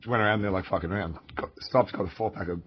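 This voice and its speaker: A man's voice: deep voice, quick pace, slight background noise. An Australian man telling a personal story in a casual, rambling, profane way, full of fillers and restarts. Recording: dull lo-fi recording.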